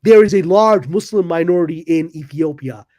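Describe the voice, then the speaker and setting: A man's voice: fairly high pitch, moderate pace, no echo, clean studio sound. A man telling a story dramatically as a podcast guest, acting out the people he quotes. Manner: lively, dramatic, voices quoted characters. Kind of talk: animated storytelling in a panel discussion.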